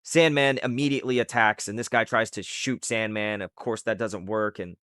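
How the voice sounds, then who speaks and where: A man's voice: fairly low pitch, steady tone, moderate pace, a bit bright, clean tone, no echo, clean studio sound. A man casually retelling a comic book's plot in a loose, rambling way full of fillers. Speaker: comic recap host. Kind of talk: casual comic book recap.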